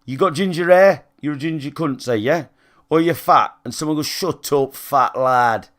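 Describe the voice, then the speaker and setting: A man's voice: on the high side, fairly quick, fairly bright tone. Rambling, sweary British streamer man. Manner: rambling and sweary, often asks "do you know what I mean". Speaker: gaming live streamer. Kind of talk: casual chat with stream viewers.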